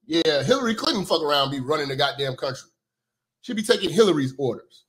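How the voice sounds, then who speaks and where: A man's voice: a little high, very animated, fast, slight background noise. A man hosting a casual reaction commentary, ranting bluntly and profanely about what he watches. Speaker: commentary host.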